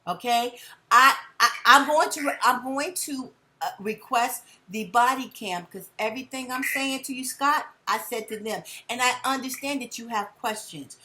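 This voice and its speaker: A woman's voice: a little high, moderate pace, sharp tone. A woman on a heated phone call reporting a crime, insistent, stammering and repeating words as she presses her point. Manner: insistent, repeats words, keeps saying sir.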